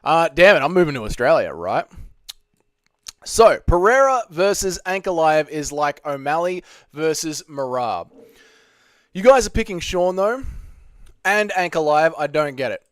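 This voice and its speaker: A man's voice: fairly high pitch, very animated, measured pace, long pauses, smooth, no room sound, clean studio sound. A man hosting a casual livestream, reading viewer questions aloud and joking through his answers from home. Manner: jokey, reads chat questions aloud and riffs on them. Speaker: livestream host answering chat.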